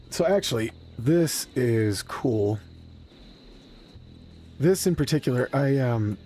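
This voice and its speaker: A man's voice: mid-range voice, darkish tone, a little hiss or hum. A man streaming a game, chatting loosely with viewers, joking about himself, swearing freely and speaking openly about his feelings. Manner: loose, rambling and self-deprecating, with frequent swearing; candid and openly emotional. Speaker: gaming streamer. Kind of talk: casual live-stream chat while playing.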